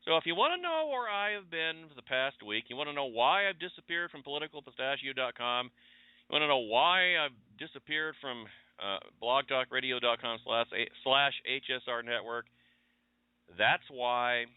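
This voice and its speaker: A man's voice: mid-range voice, expressive, moderate pace, clean tone, dry recording. A radio show host chatting casually and telling rambling stories about his week. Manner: rambling, conversational storytelling. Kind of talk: casual chat monologue. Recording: tinny phone-line audio.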